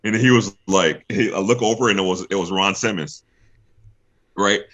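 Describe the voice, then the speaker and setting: Brief: young man, low and forceful voice, animated storyteller who acts out the other people in his stories. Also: normal speed. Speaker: guest, pro wrestler. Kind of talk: casual interview storytelling.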